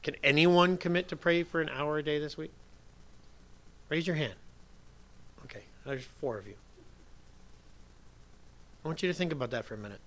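Emphatic bright-voiced pastor preaching. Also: male voice, a little high, moderate pace, pauses often. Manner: emphatic, swinging from soft asides to loud declarations. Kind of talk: sermon.

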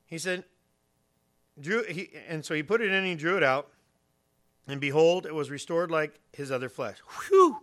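A male pastor preaches in a loose, chatty way, often turning to his listeners with questions. His voice sits a touch high and sounds bright and forceful. He mixes plain talk with bursts of emphasis. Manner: conversational, animated, asks the audience questions. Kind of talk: sermon.

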